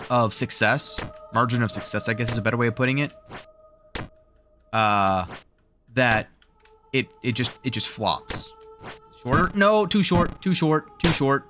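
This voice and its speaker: A man's voice: medium pitch, unhurried, pauses often, over music. Rambling Southern man streaming a game. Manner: rambling self-talk while playing, thinking aloud. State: voice wearing out. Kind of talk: live gameplay commentary.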